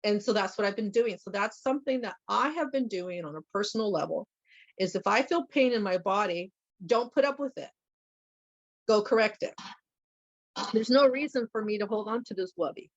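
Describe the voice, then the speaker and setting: A woman in casual conversation, telling a personal story with animated acted-out bits of dialogue. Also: mid-range voice, normal speed. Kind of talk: casual chat. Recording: muffled lo-fi audio.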